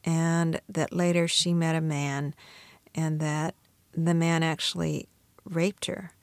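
A middle-aged woman speaks low, with a gravelly edge to her voice. She tells reflective stories as an interview guest, now and then taking on the voices of the people she quotes. The sound is dry and close to the mic. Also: level tone, slow pace, dry recording. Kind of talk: radio interview conversation.

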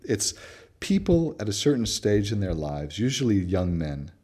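Low mellow man telling field stories. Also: sing-song, moderate pace, husky. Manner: anecdotal, acts out quoted dialogue, frequent "uh" fillers. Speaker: interview guest, researcher. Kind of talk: conversational storytelling interview.

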